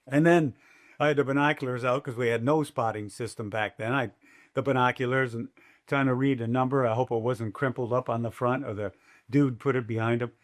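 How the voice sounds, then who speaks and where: An older race announcer's mid-range voice moves a little fast as he spins animated stories for a podcast interview, acting out quotes in a raised voice.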